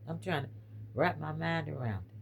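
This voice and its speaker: A woman talks casually and directly to her viewers, calling them y'all. Her voice sits low and sounds a little strained. She records on a phone, with faint noise behind her. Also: lively intonation, normal speed, creaky. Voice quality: voice strained by weather and heated talks. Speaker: host. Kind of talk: casual live-stream talk.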